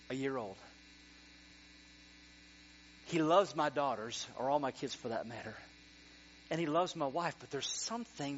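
A middle-aged male pastor preaching a sermon, animated, swinging from quiet talk to excited near-shouting. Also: mid-range voice. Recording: dull lo-fi sound with mains hum.

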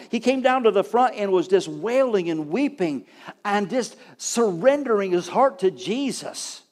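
A man preaching a sermon as pastor, telling personal stories in a fervent, informal way. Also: sits high. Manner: storytelling, fervent, informal with fillers.

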